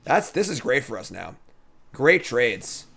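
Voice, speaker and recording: A man streaming a digital card game, thinking aloud in a relaxed, chatty commentary. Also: mid-range voice, measured pace, vocal fry, breathy edge.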